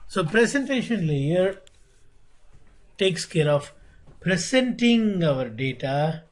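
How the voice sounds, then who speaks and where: A man teaching networking in an online lecture. He speaks deliberately, repeats key phrases and asks rhetorical questions. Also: high-pitched, big pitch swings, low-quality recording. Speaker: networking instructor.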